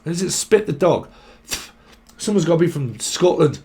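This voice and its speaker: A man's voice: fairly high pitch, very animated, normal speed, dark tone. A man giving a rambling, casual tarot reading, swearing and jumping between word associations. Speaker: tarot reader.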